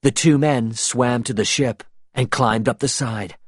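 A man narrating a storybook aloud in a slow, deliberate manner. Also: mid-range voice, no room sound, clean studio sound. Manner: slow, clear, deliberate reading.

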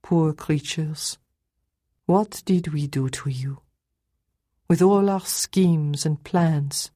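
A woman voicing a stern, formal older woman with slow, deliberate speech, read in an audiobook. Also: low-pitched, expressive, warm tone, breathy edge, no echo, clean studio sound, exaggerated voice. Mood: sorrowful.

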